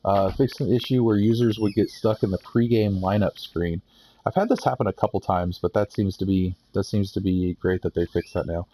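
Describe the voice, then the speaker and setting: Low mellow-voiced dude reading patch notes off his phone, rambly, lots of uhs. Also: moderate pace, poor audio. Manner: rambling, many restarts and fillers. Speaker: gaming YouTuber.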